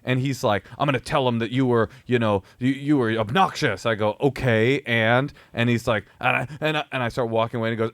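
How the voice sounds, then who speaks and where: A man's voice: mid-range voice, brisk, few pauses, dry recording, clean studio sound. A comedian in his thirties telling a story in casual chat, acting out the other people's lines in put-on voices. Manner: animated, acts out quotes in other voices.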